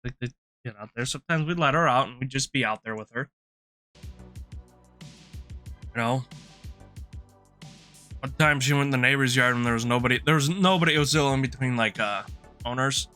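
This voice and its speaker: A man's voice: mid-range voice, moderate pace, pauses often, bright, forceful tone, faint music behind. A man streaming live, telling a long rambling story in casual chat, laughing often and restarting his sentences.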